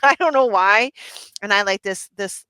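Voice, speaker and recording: A middle-aged woman co-hosting a podcast chats casually in an animated, talkative way, restarting sentences and laughing. Her smooth, clear voice is bright and forceful, at medium pitch and normal speed, recorded dry on a close mic.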